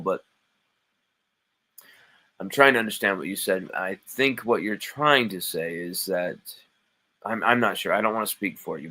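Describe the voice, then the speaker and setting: Bright-voiced man hosting a sports live stream. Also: on the low side, rough recording. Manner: animated, playfully mock-indignant, rambling. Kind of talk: live-stream sports talk reading chat.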